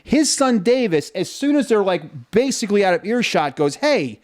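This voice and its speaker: High-voiced animated male podcast host. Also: normal speed. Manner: animated storyteller, jokey, acts out quotes. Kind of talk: casual chat.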